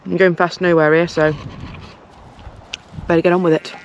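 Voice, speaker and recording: A woman's voice: lowish voice, flat delivery, moderate pace. Chatty woman vlogging outdoors. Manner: chatty, talks to animals and to herself. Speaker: cycling vlogger. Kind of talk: casual vlog chat. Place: outdoors in countryside on a long bike ride. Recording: outdoor wind and road noise.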